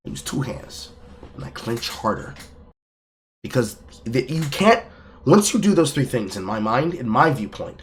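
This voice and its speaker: A man hosts a podcast in a forceful, lecturing tone and swears freely as he argues. His voice sits at an ordinary male pitch. He sounds like a casual streamer talking straight into his mic. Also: animated, normal speed. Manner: emphatic, lecturing, profane. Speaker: podcast host.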